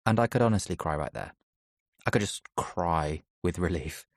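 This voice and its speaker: A man narrates a first-person audiobook softly and reflectively. His voice sits low, and the close studio recording is dry with no room sound. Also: expressive, moderate pace, no room sound. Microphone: close studio mic.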